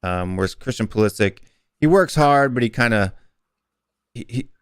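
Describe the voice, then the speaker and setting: A man's voice: mid-range voice, animated, moderate pace, smooth, no echo, studio quality. An American man chatting casually as a guest, explaining at length with fillers and restarts. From United States. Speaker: guest football YouTuber. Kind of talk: casual interview chat.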